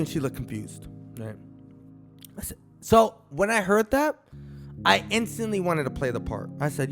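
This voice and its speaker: A man vlogger telling a story in a casual, animated way, with big swings in pitch and loudness. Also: normal speed, long pauses, faint music behind.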